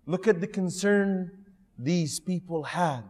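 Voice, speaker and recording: High-voiced man preaching slowly in a reverberant hall. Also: darkish tone. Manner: earnest storytelling, addresses the audience directly. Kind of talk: sermon.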